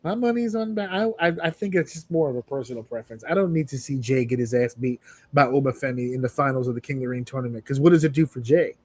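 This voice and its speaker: A man co-hosting a casual podcast chat, telling stories with lively acted-out quotes. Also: medium pitch, quick pace, slightly rough, no echo. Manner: animated storyteller who acts out wrestlers' lines. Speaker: podcast co-host.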